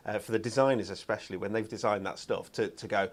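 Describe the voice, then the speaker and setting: A man's voice: fairly low pitch, fast talker, a little hiss or hum. A man presenting craft products on a live shopping show, chatty and enthusiastic, with lots of ums and uhs.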